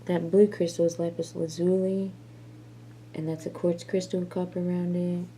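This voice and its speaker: A woman's voice: lowish voice, level tone, normal speed, mellow. A woman vlogging in a casual chat, rambling and self-mocking as she tinkers and jokes.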